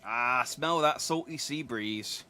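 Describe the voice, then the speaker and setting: A man's voice: medium pitch, slow pace, sharp tone, soft background music. A man doing a chatty rustic merchant. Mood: friendly. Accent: put-on rustic English. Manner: homely, drawling with dropped letters. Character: chatty folksy male merchant, middle-aged. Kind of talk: reading game dialogue aloud.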